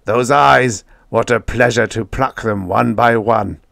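A man voicing Wonk, a huge, slow, armored alien who talks in a rumbling, ponderous way about revenge. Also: gravelly, fairly bright tone, no echo, clean studio sound. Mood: brooding.

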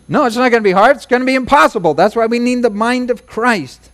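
A man's voice: a little high, lively intonation, fast, hardly any pauses. A middle-aged man preaching a sermon as pastor, folksy and humorous, acting out quotes and rhymes.

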